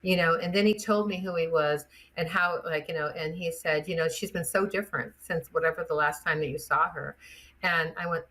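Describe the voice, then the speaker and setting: A middle-aged woman, a chiropractor guest, chatting in an interview and telling lively stories with acted-out quotes. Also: lowish voice, fairly quick. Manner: chatty, animated storyteller acting out quotes. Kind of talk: casual interview storytelling.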